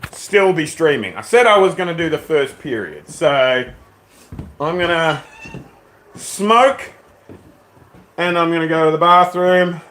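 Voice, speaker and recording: A laid-back young Australian man chatting on a live stream from home, his voice sitting a little high for a man. He swears casually and keeps a relaxed, rambling flow, with a faint hiss of noise under the recording.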